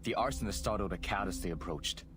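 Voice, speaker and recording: A weary stern officer. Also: male voice, sits low, animated, fast talker. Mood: formal earnest. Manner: formal, earnest, restrained. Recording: game audio with background music.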